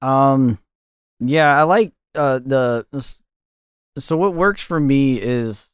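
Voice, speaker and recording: A man guesting on a podcast, working through his thoughts on a film slowly and thoughtfully. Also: medium pitch, clear, resonant tone, no echo, clean studio sound. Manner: thoughtful, searching for words with fillers and restarts. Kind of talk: casual film discussion.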